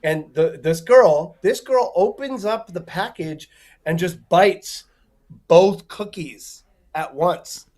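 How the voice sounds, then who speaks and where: A man's voice: sits high, slow pace. A man, a comedian guest on a talk show, telling a story with lots of energy and acting out the people in it. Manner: lively, swearing, acts out voices in a story. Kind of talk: animated storytelling.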